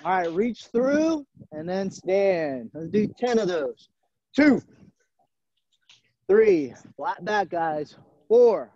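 A man's voice: high-pitched, sing-song, very slow, pauses often, warm tone, no echo, dull audio. A man coaching a live online gymnastics class, encouraging the kids and calling them by nickname. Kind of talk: live virtual fitness class. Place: gym. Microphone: camera mic on a video call.

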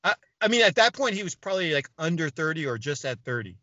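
A man's voice: on the high side, fast, no room sound. A man talking as a guest in a casual interview, telling a long story with frequent restarts and casual swearing. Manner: animated, restarts often, swears freely. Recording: dry, dull lo-fi sound.

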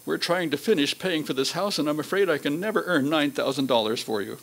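A man's voice: on the high side, brisk, creaky, a bit bright, pitched above the performer's own voice. A man reading the pleading words of a poor, worn old saloon keeper. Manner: pleading, humble.

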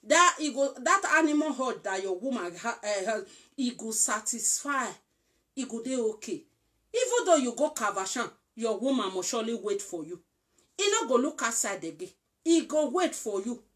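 Coaxing Nigerian woman, higher voice. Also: big pitch swings, normal speed, a bit bright. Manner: repetitive, coaxing, often checks "you understand?". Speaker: relationship advice vlogger. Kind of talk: casual instructive talk.

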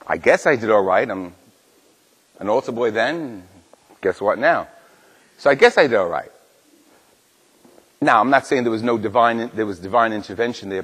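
A man's voice: medium pitch, animated, normal speed, pauses often, fairly bright tone, breathy edge. An older man, a Catholic priest, preaching a Sunday homily in a church and telling a story with acted-out dialogue. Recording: long church reverb.

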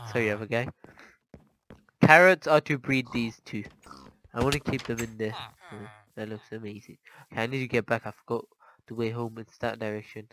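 A man giving casual, chatty commentary over his gameplay, easily startled and quick to panic. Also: mid-range voice, fairly even intonation, fairly bright tone, slight background noise, low-quality recording. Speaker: gaming channel host.

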